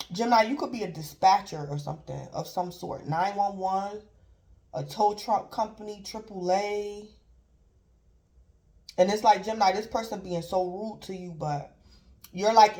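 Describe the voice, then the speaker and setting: With a mid-range, dark-toned voice, a woman does a casual tarot reading. She rambles and repeats, leans on "like" and small chuckles, and briefly voices imagined callers in quotes.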